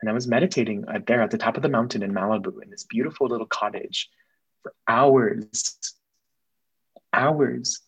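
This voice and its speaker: A young man, a guest, telling a personal story in casual conversation, quick and earnest, slipping in Spanish phrases. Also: medium pitch, husky, dry recording, rough recording.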